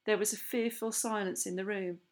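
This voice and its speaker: A woman narrating a children's novel aloud in the first person, lively and expressive. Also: medium pitch, normal speed. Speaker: audiobook narrator. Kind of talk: scripted storybook narration.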